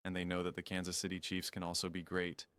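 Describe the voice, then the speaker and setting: A man's voice: low-pitched, monotone, fast, fairly bright tone, clean tone, dry recording. A man giving an opinionated sports talk rant, incredulous and sarcastic, with emphatic repetition. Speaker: sports commentator.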